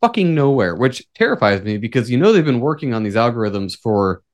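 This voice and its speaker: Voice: mid-range voice, big pitch swings, fairly quick, darkish tone, dry recording. A co-host in a casual chat podcast, wry and chiming in with asides.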